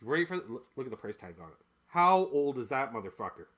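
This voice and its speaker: A man's voice: medium pitch, lively intonation, fast talker, fairly bright tone. A man from Canada chatting casually while unboxing old music gear, rambling, joking and swearing, and often drifting from the mic as he moves around. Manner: rambling, jokey, swears freely, voices quoted people. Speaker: gear vlogger.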